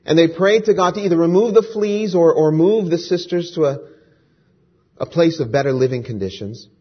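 A man's voice: fairly high pitch, moderate pace, husky, muffled recording. A male pastor praying and then telling a story earnestly during a sermon.

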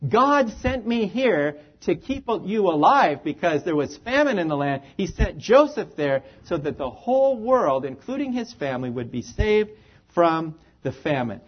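A man preaching a sermon with a high, light voice. He speaks earnestly and with emphasis, and his phrases trail off softly at the ends. The sound is a little dull and lo-fi. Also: very animated, a little slow, slightly rough.

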